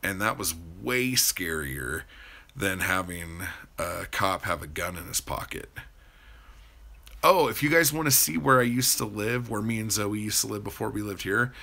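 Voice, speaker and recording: A man with a very low, gravelly voice and a bright edge, talking slowly and loosely on a livestream. He rambles from story to story, answers viewers' chat and swears freely. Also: expressive. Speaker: livestream host.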